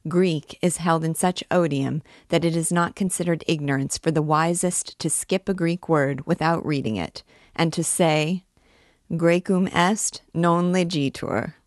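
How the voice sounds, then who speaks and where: A woman's voice: low-pitched, steady tone, no room sound, studio quality. A woman reading a stern, icy archdeacon. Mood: lecturing. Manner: cold, severe, measured. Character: stern, icy middle-aged male archdeacon.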